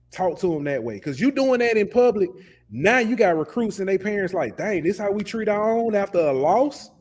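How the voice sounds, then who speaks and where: Male sports podcast co-host, fired-up rant, slightly higher voice, casual and repetitive. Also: a little mellow. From lives in Alabama. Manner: passionate, ranting, repeats words.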